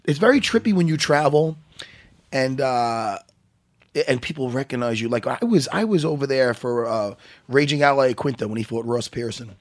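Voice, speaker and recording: A man's voice: medium pitch, expressive, moderate pace, dry recording. Middle-aged male podcast co-host, rambling and profane, everyday mid-range voice. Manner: rambling, swears a lot, frequent restarts. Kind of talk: casual podcast banter.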